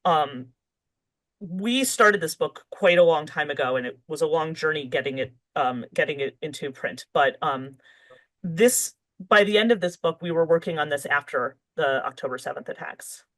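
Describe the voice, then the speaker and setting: A woman's voice: deep voice, moderate pace, a bit bright, poor audio. A woman author speaking as a podcast guest, talking in a loose, conversational way full of fillers and restarts. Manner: thinks aloud with fillers and restarts. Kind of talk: conversational interview.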